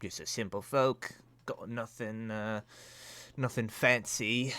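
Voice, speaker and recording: A man's voice: on the low side, steady tone, slow pace, sharp tone, smooth. A man voicing a wary, scruffy male street loiterer who talks in a drawling, folksy slang and sounds suspicious.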